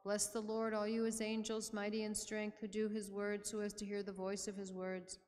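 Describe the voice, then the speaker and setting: A woman reading psalms aloud in a steady, measured liturgical recitation during a church service. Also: mid-range voice, slight background noise. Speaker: reader of psalms. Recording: long church reverb.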